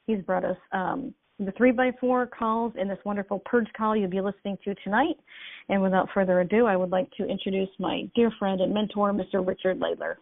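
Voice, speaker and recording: A woman's voice: medium pitch, fairly even intonation, fairly quick, narrow, tinny audio. A woman co-hosting a call, earnestly reading a prepared introduction of the host. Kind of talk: scripted-sounding introduction.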